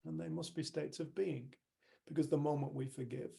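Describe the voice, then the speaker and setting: A man's voice: a little high, steady tone, moderate pace, gravelly, dark tone. A man leading a workshop, giving a conversational motivational talk and retelling stories with quoted dialogue. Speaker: workshop leader.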